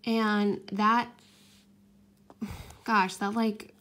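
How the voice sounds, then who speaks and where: A woman's voice: medium pitch, level tone, extremely slow, fairly bright tone. A woman in her thirties casually telling a personal story while crafting, chatty, with restarts and acted-out quotes. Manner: chatty, many restarts and fillers, acts out her own quoted words. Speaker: craft vlogger and mother.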